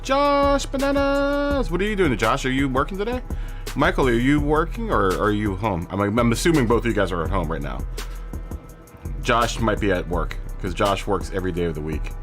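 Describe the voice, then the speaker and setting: A man's voice: mid-range voice, very animated, moderate pace, music in the background. A man hosting a casual live gaming stream, chatting in a rambling way, correcting himself and laughing often.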